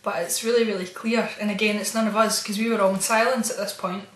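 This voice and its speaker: A woman with a medium-pitched, steady voice talks fast in a casual vlog, the recording echoing around the room. She rambles through a spooked story about her experiences, chatty and meandering, with soft spooked asides.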